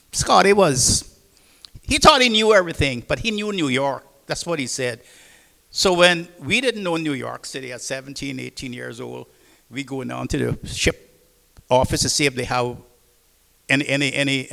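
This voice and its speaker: An older man from the Cayman Islands with a Caymanian accent, telling lively seafaring anecdotes to an audience at a public talk. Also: a little high, creaky, long reverb tail. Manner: lively anecdotal storytelling with acted-out dialogue. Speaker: retired seafarer on a panel. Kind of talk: storytelling to an audience.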